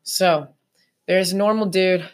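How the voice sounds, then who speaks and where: A woman's voice: lowish voice, steady tone, takes it slowly. A young woman in casual podcast chat, telling a rambling story with lots of fillers.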